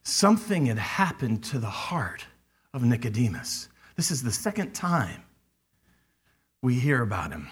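A man's voice: mid-range voice, very animated, unhurried, husky. A man preaching a sermon, speaking animatedly and acting out quoted lines with emphasis. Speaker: pastor.

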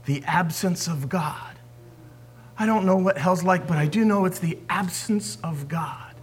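A man preaching a sermon as a pastor, swinging from forceful emphasis down to hushed whispers. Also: high voice, unhurried, slight background noise.

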